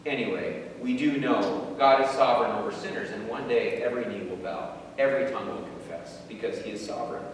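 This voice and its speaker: A man's voice: fairly low pitch, brisk, hardly any pauses. Preacher, male, informal reflective sermon, voice distant in a very reverberant hall, faint background hiss. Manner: thinking aloud, repeats words, rhetorical questions. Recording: very echoey hall, voice from afar, faint noise.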